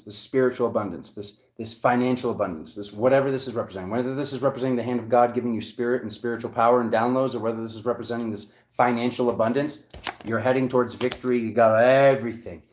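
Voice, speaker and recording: A man giving a casual, animated tarot reading for each zodiac sign as the channel's host. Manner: animated, excitable, jumps high in pitch. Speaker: tarot reader.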